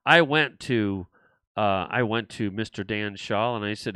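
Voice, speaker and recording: An older man hosts a live political talk show from behind a desk, rambling and circling back on himself with halting restarts. His voice is bright and forceful, and the recording is close and dry, with no room sound around it. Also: lowish voice, clean tone, dry recording. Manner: rambling, frustrated, many restarts. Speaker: show host.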